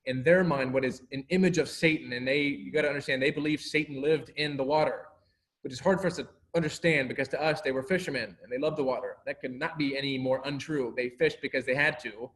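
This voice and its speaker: A man teaching a casual Bible class, animated and laughing often, acting out the people he quotes. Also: medium pitch, quick pace.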